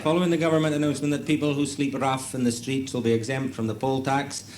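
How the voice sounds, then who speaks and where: A man with a Scottish accent, a comedy radio host reading joke news and introducing a sketch in a deadpan manner. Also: mid-range voice, fast talker, crowd noise. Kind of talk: comic news and sketch narration. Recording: noisy tape copy with audience laughter.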